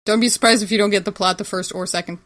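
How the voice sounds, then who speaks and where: A woman on a casual podcast panel, chatty and quick to chime in with agreement and laughter. Her voice sits in a middle pitch. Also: fairly even intonation, a bit bright.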